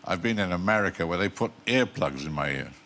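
An older English actor telling rambling, dry anecdotes as a talk show guest, with mumbled asides. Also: male voice, low voice, animated, fast talker, sharp tone. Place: TV studio with audience.

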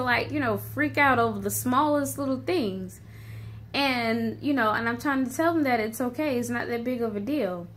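A woman with a slightly high voice talks casually into her camera from a car. She is a teacher sharing reflections on faith, chatty and quick to laugh, sometimes acting out anxious voices. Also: a bit bright. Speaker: vlogger and teacher. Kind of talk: casual faith-based vlog talk.

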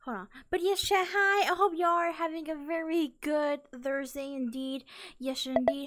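A woman live-streaming in casual chat, bubbly and excitable, easily startled into loud yelps and laughs, playfully repeating catchphrases. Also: high voice, normal speed.

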